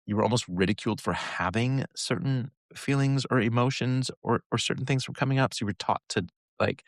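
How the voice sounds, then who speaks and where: A man's voice: on the low side, no echo, studio quality. A man who is a guest on a podcast, talking casually in a rambling way, laughing often. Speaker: guest, habit coach. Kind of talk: casual conversation.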